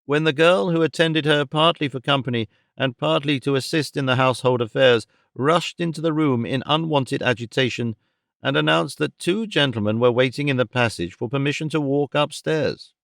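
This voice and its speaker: Guy narrating an old classic novel, measured and wry, gravelly voice, middle pitch. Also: fairly bright tone, dry recording, studio quality. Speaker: audiobook narrator.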